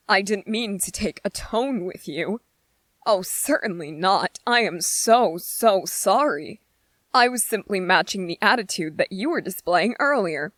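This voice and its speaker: A woman's voice: mid-range voice, fairly bright tone, dry recording, lightly acted. A woman voicing an irritable young male soldier trainee in a whispered role-play, speaking with biting sarcasm and strained patience.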